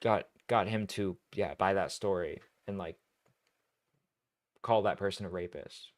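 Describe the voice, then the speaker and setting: A man's voice: low voice, unhurried, no room sound. A man streaming casual reaction commentary, blunt, crude and mocking.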